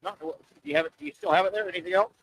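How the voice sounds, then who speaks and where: A man hosting a live radio show from an open-air oyster bar, chatting loosely and joking in a rambling, animated way. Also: high voice, very fast, vocal fry, breathy edge, rough recording. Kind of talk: casual radio chat.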